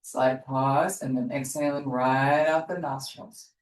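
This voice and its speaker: A woman's voice: a bass voice, fairly even intonation, a little hiss or hum. Soothing woman guiding yoga, distant and roomy. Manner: slow, soothing guidance with soft pauses. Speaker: yoga teacher. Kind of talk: guided yoga instruction. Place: home yoga studio. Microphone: distant laptop mic on an online class. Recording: roomy, distant sound from far off.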